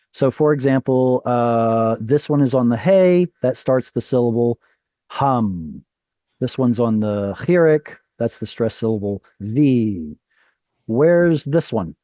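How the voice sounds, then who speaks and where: A man with a mellow, warm tone leads an online class over a video call. He explains step by step, puts questions to his students and corrects himself as he goes. His voice is close and dry. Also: medium pitch, no room sound. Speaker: Hebrew teacher.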